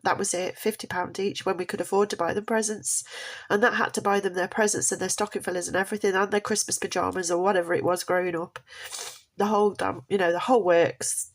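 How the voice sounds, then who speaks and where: A woman's voice: medium pitch, fairly even intonation, fast talker. A middle-aged woman telling a family story in a casual, heartfelt way. She rambles and often repeats herself. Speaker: mother sharing a family story.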